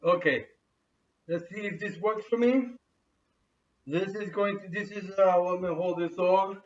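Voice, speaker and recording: A man giving an unscripted how-to demonstration at home with his pets, talking in a halting way with many restarts and fillers. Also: high voice, recorded from a distance. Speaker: dog owner giving a how-to. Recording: dull lo-fi sound from off mic.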